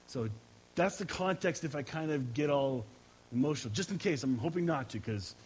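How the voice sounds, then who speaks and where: A middle-aged man, a pastor, gives a conversational sermon after an opening prayer, sounding emotional and halting as he speaks personally. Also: on the high side, animated, husky, rough recording. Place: church service, streamed live.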